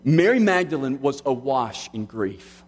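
A middle-aged man preaching a sermon with earnest delivery, slowing down and dropping quiet on key lines. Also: medium pitch, very animated, slight background noise. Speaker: pastor.

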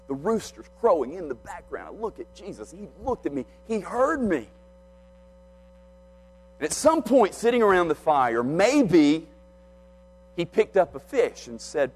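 A man's voice: medium pitch, darkish tone, rough recording. A man preaching a sermon, retelling a scripture story and acting out the speakers' quoted lines.

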